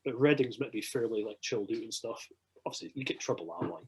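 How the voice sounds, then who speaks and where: Husky Scottish man telling stories. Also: medium pitch, fast talker, low-quality recording. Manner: animated anecdote-telling, heavy swearing. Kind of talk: casual podcast chat.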